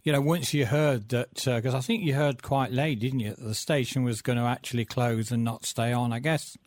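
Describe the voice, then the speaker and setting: A man's voice: medium pitch, steady tone, normal speed, a little mellow, no echo. Dry-sounding male podcast interviewer. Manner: chatty, prompting questions with hesitations. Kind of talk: casual interview.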